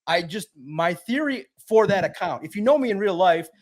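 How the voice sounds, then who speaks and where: A high-energy man, a sports writer guest, telling a lively story and acting out the voices in it. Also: normal speed. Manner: high-energy, acts out quotes loudly. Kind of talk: animated storytelling.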